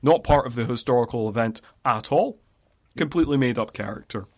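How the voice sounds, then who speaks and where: A man's voice: medium pitch, a little fast, no echo. A man co-hosting a casual podcast about a film, rambling with lots of fillers. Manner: rambling with many fillers and laughs. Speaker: podcast co-host. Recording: dry, dull lo-fi audio.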